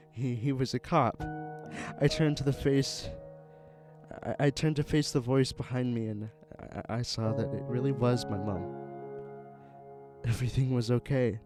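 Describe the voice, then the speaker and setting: A man narrating a first-person horror story in an earnest, halting way, with small restarts. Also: mid-range voice, steady tone. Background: music.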